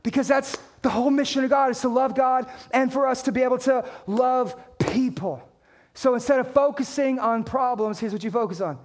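High-voiced man preaching energetically. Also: a little fast. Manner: energetic, conversational preaching with rhetorical questions; reads scripture aloud. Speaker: pastor. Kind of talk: sermon.

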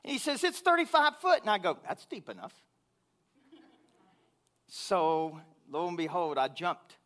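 Animated storytelling preacher, a man. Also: unhurried. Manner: animated storyteller, gets loud and high when excited. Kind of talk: sermon storytelling.

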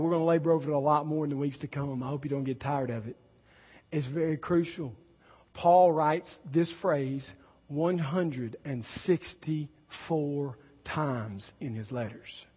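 A man preaching a sermon as pastor, moving from quiet teaching to loud emphatic preaching. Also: on the high side, slightly rough. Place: church sanctuary. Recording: lo-fi recording in a reverberant church hall.

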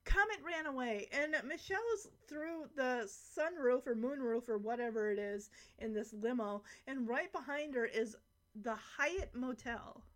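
High-voiced, chatty young woman vlogger. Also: measured pace. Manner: chatty, rambling, giggly asides. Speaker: vlogger recapping a sitcom episode. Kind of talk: casual recap chat.

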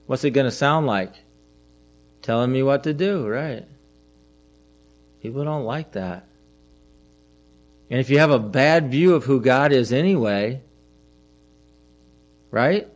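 A middle-aged man preaching a conversational sermon as a pastor, asking the listeners questions and repeating his phrases. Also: medium pitch.

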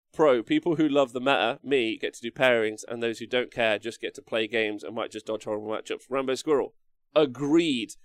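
A man's voice: medium pitch, gravelly, dry recording, clean studio sound. A young man hosting a casual livestream, rambling, reading chat comments aloud and swearing freely. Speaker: livestream host.

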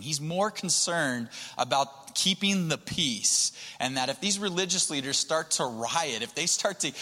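Bright-voiced male pastor in reverberant hall. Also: a little high. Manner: conversational, repeats words, occasional laughs. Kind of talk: sermon.

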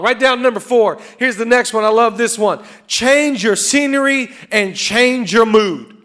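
A man's voice: extremely high pitch, a little slow, hardly any pauses, fairly bright tone. A man in his thirties preaching a fervent sermon as pastor, repeating rallying lines.

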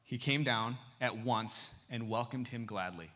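A man preaching a sermon as pastor, joking with the congregation and dropping to a hush for emphasis. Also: medium pitch, a little slow. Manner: lively and humorous, swinging between loud and hushed.

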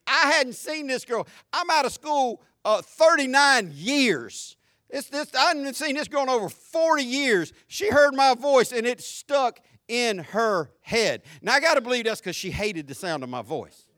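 A man in his fifties with a Southern US accent from Florida, preaching a folksy sermon that swings between quiet asides and loud shouts. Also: very high-pitched, lively intonation, unhurried, dry recording, studio quality. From Jacksonville, Florida. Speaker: pastor.

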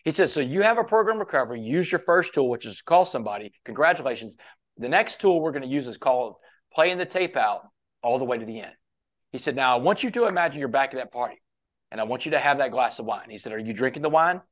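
A man's voice: mid-range voice, lively intonation, fast, fairly bright tone. A man guesting on a podcast, telling a long story in a casual, conversational way, often quoting others and dropping "man" into his sentences.

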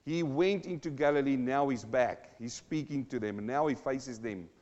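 A male pastor delivers a verse-by-verse sermon, dramatically acting out the voices in the scripture passages with rising intensity. His voice is mid-range, a little mellow, at normal speed, recorded in dull lo-fi sound with long hall reverb.

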